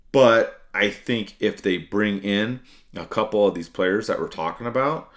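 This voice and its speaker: Deep-voiced man in casual sports talk. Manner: thinking aloud, many fillers and restarts; dry sarcasm. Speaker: podcast co-host.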